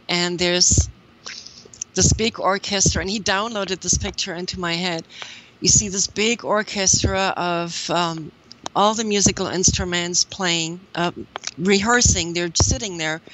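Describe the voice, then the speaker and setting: A woman's voice: lowish voice, fairly bright tone, poor audio. Earnest woman telling a rambling story. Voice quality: earnest, rambling with many "you know"s and "um"s. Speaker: guest. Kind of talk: recounting a personal spiritual story.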